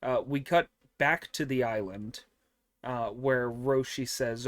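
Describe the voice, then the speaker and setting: A man's voice: medium pitch, slow pace, no echo. A man hosting an anime review show, recapping an episode in a casual, rambling way with many fillers and offhand swearing.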